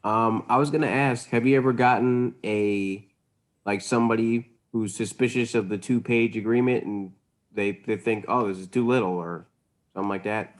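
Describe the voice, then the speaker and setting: A man with a low voice asks a question in a live class. He speaks slowly and tentatively, trailing off as he goes. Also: fairly even intonation. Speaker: class participant.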